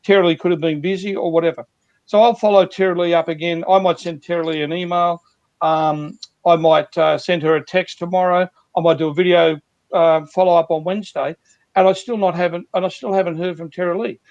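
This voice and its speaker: High-voiced male sales coach, earnest. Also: steady tone, fairly quick, a little mellow, no echo, highs cut off. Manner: earnest, repetitive, talks through examples. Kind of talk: guest explaining sales techniques.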